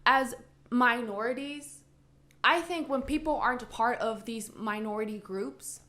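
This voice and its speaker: A woman's voice: a little high, measured pace, bright, forceful tone. A woman co-hosting a podcast, a native Spanish speaker, talking casually and ranting heatedly with a lot of swearing. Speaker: podcast co-host. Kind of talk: casual chat. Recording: roomy echo.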